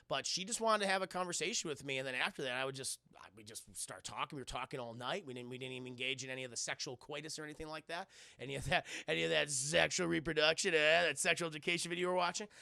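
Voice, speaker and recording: Brief: smug wealthy young husband, lowered and quiet, gravelly edge, put on by a male streamer. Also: fast talker, hardly any pauses, no room sound, studio quality. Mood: smug, rambling. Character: smug rich young man recounting a whirlwind marriage.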